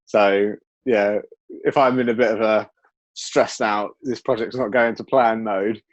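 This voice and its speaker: A man's voice: lowish voice, fairly even intonation, a little slow, no echo, lo-fi sound. A man as a podcast guest in casual chat, dry and teasing. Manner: dry, teasing, self-described grumpy.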